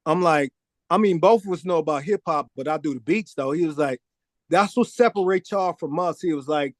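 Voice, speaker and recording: There's no room sound here, just clean studio audio of a man whose voice sits on the high side. He's a record producer guest in a casual interview, spinning a long, animated story, mimicking the people in it, and saying "man" a lot.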